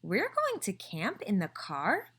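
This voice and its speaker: A cheerful, literal-minded housekeeper, as a woman reading aloud puts her on, chirping high and bouncing all over her range. Eager and innocent, she sounds like a storybook heroine read to children. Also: wildly swooping pitch, slow pace, a bit bright, breathy edge, heavily acted.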